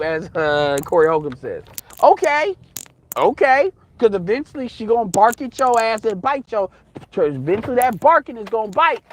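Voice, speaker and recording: A man's voice: very high-pitched, very animated, moderate pace, a little hiss or hum, rough recording. A young man ranting in a casual, heated, rambling monologue, swearing often.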